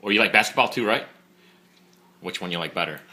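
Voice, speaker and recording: Deep-voiced man coaxing his kid. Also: fast, very noisy. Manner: playful, coaxing, teasing. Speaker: father. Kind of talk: casual chat with his child during a meal. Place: home dining table. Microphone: phone propped up on the table.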